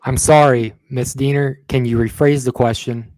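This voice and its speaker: A man reading the part of a police detective giving courtroom testimony in formal, measured, apologetic answers. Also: medium pitch, fairly even intonation, a little mellow, no room sound, close to an everyday voice. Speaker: reader in a transcript read-through.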